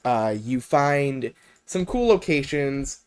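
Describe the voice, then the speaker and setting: A man's voice: medium pitch, animated, takes it slowly, clean tone. Rambling young man presenting a game. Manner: rambling, unscripted, lots of ums and uhs. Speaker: streamer presenting a video game. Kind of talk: casual livestream presentation.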